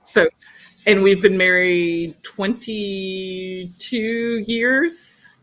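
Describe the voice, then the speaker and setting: A woman's voice: mid-range voice, very slow. A woman, co-hosting a podcast and telling a story in casual chat, laughing often and acting out the lines of the people in it. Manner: animated, laughing, acts out quoted dialogue. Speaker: podcast co-host.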